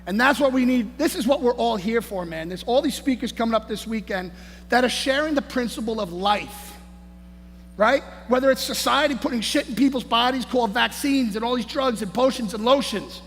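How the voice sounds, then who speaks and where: A man giving a hyped-up motivational speech as a conference speaker on stage, shouting and peppering his lines with "man" and "baby". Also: very high-pitched, a little fast. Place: large conference hall on stage. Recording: echoey hall, faint noise.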